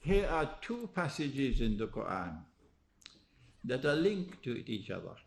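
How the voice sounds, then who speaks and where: A man giving a religious lecture, asking rhetorical questions, often tagging on "huh?" and chuckling at his own points, swinging between emphatic rises and low quiet stretches. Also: big pitch swings, unhurried, gravelly. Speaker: Islamic lecturer.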